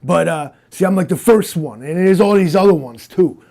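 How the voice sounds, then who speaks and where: Man doing a gravelly boastful cyborg detective. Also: on the high side, animated, normal speed, mellow. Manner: boastful, condescending, tough-guy talk. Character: brash male Soviet cyborg posing as hard-boiled city detective. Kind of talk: improvised comic interview.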